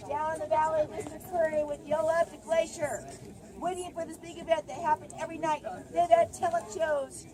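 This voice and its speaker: A woman park ranger giving a spirited storytelling talk to visitors at an outdoor amphitheater, shouting out some lines, recorded by a camera in the audience. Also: sits high. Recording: noisy outdoor camera audio.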